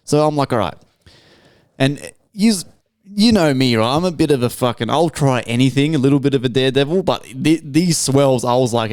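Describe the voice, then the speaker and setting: A young Australian man co-hosting a podcast tells a story in casual chat, animated, heavy on slang and swearing freely. His medium-pitched voice is brisk, and the recording is dry with clean studio sound.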